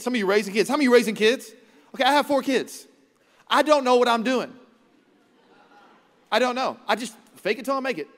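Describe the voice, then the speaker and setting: A man in his thirties preaches to a congregation in a high, bright tenor. He is energetic and playful, cracking jokes and mimicking his kids, and his voice carries a long reverb through a big church hall. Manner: energetic, joking, acts out his kids' voices. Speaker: pastor. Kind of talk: sermon. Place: large church auditorium.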